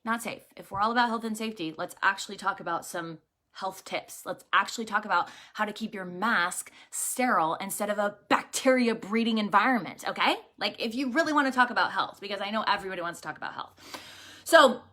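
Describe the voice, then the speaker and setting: A woman's voice: mid-range voice, fairly quick, bright, forceful tone. A woman hosting a livestream, chatting casually and animatedly with viewers, telling travel stories full of rhetorical questions and fillers. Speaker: livestream host.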